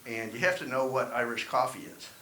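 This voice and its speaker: A man's voice: mid-range voice, fairly quick, pushed and bright. A man performing a wry, self-deprecating stand-up set at an open mic. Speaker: stand-up comedian. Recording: echoey room, faint hiss.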